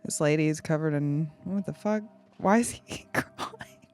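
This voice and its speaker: A woman's voice: low voice, unhurried, a little mellow, clean tone, faint music behind. A young woman hosting a casual podcast chat, reacting with exclamations and laughter. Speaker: podcast host.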